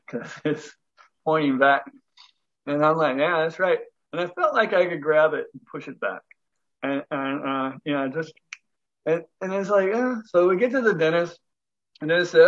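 A middle-aged man tells a story in a relaxed interview, his voice sitting a little high. He laughs often and slips into the voices of the people in his story. The audio sounds dull and lo-fi. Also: normal speed. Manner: chatty, laughs between lines, acts out quoted voices. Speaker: guest breathwork teacher.

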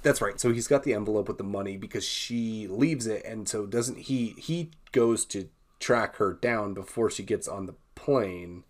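A young man co-hosting a film podcast, chatting in a fairly low voice with quick asides and easy agreement. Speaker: podcast co-host. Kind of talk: casual film discussion.

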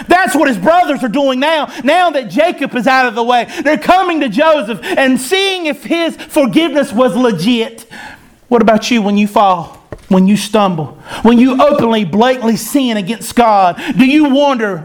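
A man preaching a sermon to his church, fervent and repetitive, with folksy phrasing and sudden loud bursts. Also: very high voice, expressive, moderate pace. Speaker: pastor.

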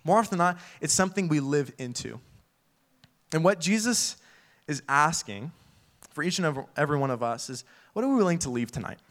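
A man's voice: fairly high pitch, lively intonation, fairly quick, a bit bright. A young man preaching a casual sermon full of fillers, acting out little quoted voices as he talks.

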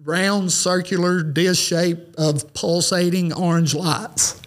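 A man's voice: high voice, steady tone, slow pace. A man, telling a personal story as a podcast guest in a rambling, earnest way. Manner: rambling, earnest, lots of "you know" fillers. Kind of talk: casual storytelling.

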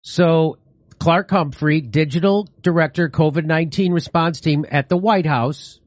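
A man hosting a commentary show reads news stories aloud and drops sarcastic asides between the lines. His voice sits a little high, and the sound is dry and a touch dull. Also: measured pace, no echo. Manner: sarcastic asides while reading. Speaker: show host. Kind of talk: casual commentary reading news.

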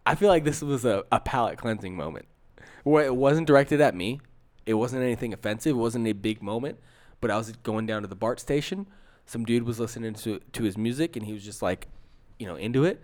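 A man's voice: medium pitch, brisk, a little mellow. A man co-hosting a podcast, telling a story in casual chat and acting out the quotes, with many restarts. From San Francisco area. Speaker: podcast co-host.

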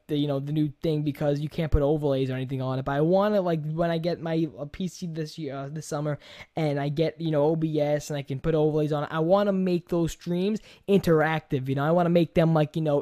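A young man with a New York accent hosting a casual podcast chat, rambling and animated, with casual swearing and a lot of restarts. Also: on the high side. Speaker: podcast host.

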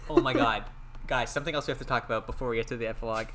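A young man co-hosts a casual movie podcast, his voice bright and forward. He chats animatedly, sharing trivia and acting out little mock quotes. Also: medium pitch, steady tone, racing, slight background noise. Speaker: podcast co-host.

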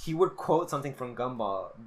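A young man co-hosting a podcast, telling high school stories in a rambling way with many fillers. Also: animated, fairly quick. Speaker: podcast co-host. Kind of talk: casual chat.

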